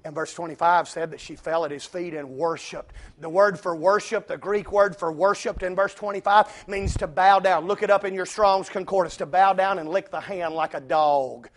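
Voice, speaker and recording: A male preacher, delivering a sermon that swings from low asides to shouted climaxes. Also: moderate pace, few pauses.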